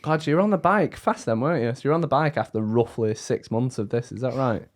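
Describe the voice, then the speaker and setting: A man's voice: mid-range voice, fast talker. A man hosting a podcast, asking easygoing follow-up questions and chuckling along. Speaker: podcast host. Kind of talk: casual chat.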